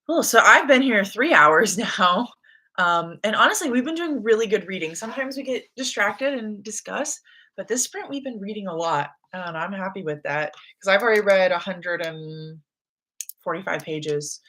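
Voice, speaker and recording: With a mid-range voice at normal speed, a young woman from the States runs a casual reading livestream. Her manner is relaxed and talkative, and she reads her viewers' chat messages out loud.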